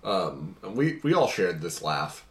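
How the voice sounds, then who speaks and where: A man's voice: sits low, very animated, slow pace, reverberant. A man co-hosting a casual podcast, giving wry and enthusiastic commentary. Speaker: podcast co-host. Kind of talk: casual chat.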